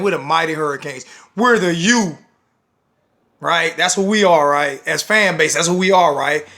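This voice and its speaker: A man's voice: sits high, bright, forceful tone. A man with a blunt, scolding manner, ranting to the camera as a sports fan vlogger.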